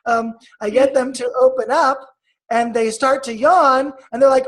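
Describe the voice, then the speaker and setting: A woman with a fairly high voice talks as a healer guest in an interview. She coaches in a soft, measured tone, slowing down to guide the listener. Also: steady tone. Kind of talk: guided meditation and explanation.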